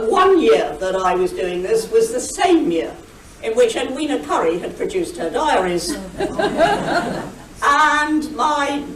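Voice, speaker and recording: Older woman, brisk witty storyteller, high lively voice, roomy distant hall sound with faint hiss. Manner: brisk, witty storyteller, mimics shouted quotes. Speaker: guest speaker. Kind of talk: anecdotal after-dinner talk. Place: meeting hall. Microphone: recorded over a video call. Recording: echoey hall, distant, faint hiss, over video call.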